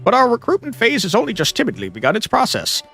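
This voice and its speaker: A man's voice: high-pitched, wildly swooping pitch, fast talker, gravelly, sharp tone, slightly rough, soft background music, pitched above the performer's own voice, full character voice. A man reading out a pompous, long-winded male count in a video game, in a grandiose, overly formal manner. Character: pompous verbose male count, fawning herald. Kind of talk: reading game dialogue aloud.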